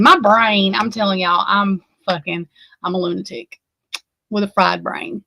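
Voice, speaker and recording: A woman's voice: medium pitch, steady tone, normal speed, vocal fry, a bit bright, no room sound. A woman with an Alabama accent hosting a casual chat, rambling and swearing freely. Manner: rambling and profane, with frequent swearing. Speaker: host.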